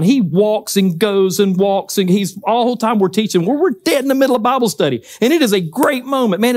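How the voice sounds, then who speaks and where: A man preaching a sermon, telling stories with lively acted-out quotes. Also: high voice, no room sound. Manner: animated storytelling, acts out quotes. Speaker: pastor.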